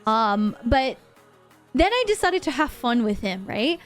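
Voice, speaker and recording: A woman's voice: fairly high pitch, very animated, unhurried, faint music behind. A woman from Bahrain, over twenty-five, chatting animatedly to her live stream audience and acting out the voices in her story. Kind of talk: casual storytelling to a live chat.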